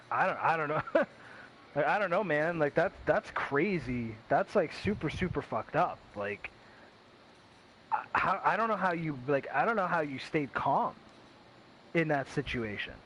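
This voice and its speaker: A man with a fairly high voice talks bluntly and at length while streaming games, swearing freely and leaning on fillers. A faint hiss sits under his voice. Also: expressive, a little slow, fairly bright tone, low-quality recording. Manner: blunt, profane, emphatic, heavy with fillers. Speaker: gaming streamer. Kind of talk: casual chat.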